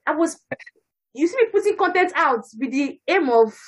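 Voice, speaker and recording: A young woman giving a casual personal testimony on a church podcast, animated and laughing as she acts out what others say. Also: sits high, moderate pace, low-quality recording. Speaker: panel speaker on a church podcast.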